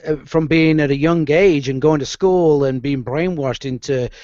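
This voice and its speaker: Kiwi guy chiming in agreeably, slightly high voice, muffled dry audio. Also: normal speed, warm tone, no room sound. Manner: agreeable, explaining at length. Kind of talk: casual online chat. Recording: dry, dull lo-fi sound.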